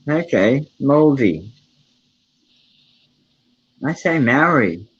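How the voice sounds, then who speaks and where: A man's voice: mid-range voice, very animated, extremely slow, breathy edge, lo-fi sound. A man chatting casually in a group, easygoing and playful, chuckling often.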